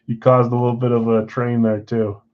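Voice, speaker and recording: A man's voice: medium pitch, flat delivery, normal speed, phone-quality sound. A man hosting a live card break from a card shop, chatting casually while rattling off names and teams.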